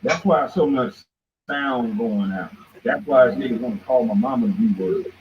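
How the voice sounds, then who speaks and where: A man's voice: mid-range voice, fairly quick. Male show host, confrontational rant, mid-range voice, phone-thin sound with a faint hiss. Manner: heated, confrontational, repeats "boy". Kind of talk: ranting commentary monologue. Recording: tinny phone-like line with faint noise.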